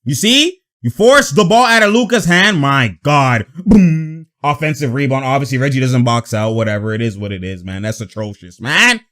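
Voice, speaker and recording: A man giving casual, slangy commentary over basketball clips, reacting excitedly and laughing often as he breaks down the plays. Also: mid-range voice, moderate pace, few pauses. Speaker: basketball video analyst.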